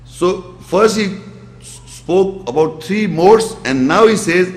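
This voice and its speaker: A man giving a religious lecture, asking his listeners pointed questions and quickly reciting Arabic verses before explaining them. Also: high-pitched, animated. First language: Urdu. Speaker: Islamic lecturer. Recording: echoey hall.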